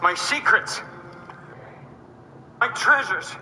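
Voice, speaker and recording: An actor playing a grieving dwarf blacksmith, speaking in short, clipped lines. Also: male voice, high-pitched, animated, drawn-out words, pushed and bright, full character voice. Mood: bitter grief. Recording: game audio with noticeable background noise. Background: noise.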